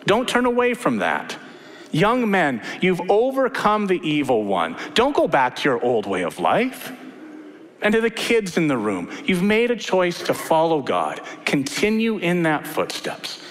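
A man in his thirties preaching to a congregation in a church sanctuary. His voice rises and falls in wide, lively arcs as he tells stories. The sound carries a long reverb from the hall. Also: high voice, unhurried. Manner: animated storytelling preacher, swinging between loud and hushed. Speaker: pastor. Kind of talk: sermon.

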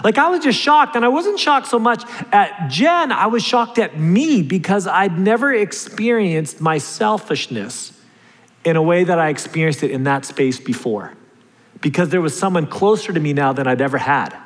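Middle-aged guy preaching, telling stories on himself, kinda high voice, big echoey hall. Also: expressive, normal speed, a bit bright. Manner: conversational, self-deprecating storytelling with laughs. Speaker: pastor. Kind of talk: sermon with personal stories. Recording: long hall reverb.

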